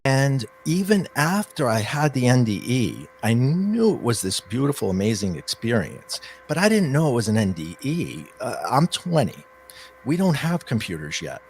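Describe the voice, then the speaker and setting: A man telling an interviewer the story of his own near-death experience in earnest, halting speech with many fillers and restarts. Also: medium pitch, very animated, darkish tone, slight background noise.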